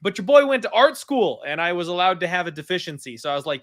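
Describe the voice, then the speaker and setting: A man's voice: high voice, big pitch swings, fast, hardly any pauses, a bit bright. A young man from Arizona co-hosting a podcast, chatting in an upbeat, self-mocking way. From Arizona, USA. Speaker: podcast co-host. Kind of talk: casual chat.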